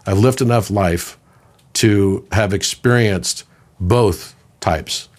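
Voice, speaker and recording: A man in his fifties, a podcast guest, talking in a conversational, storytelling way, sometimes doing voices for quoted people. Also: slow pace. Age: 50s. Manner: animated storyteller, puts on high voices for quoted children.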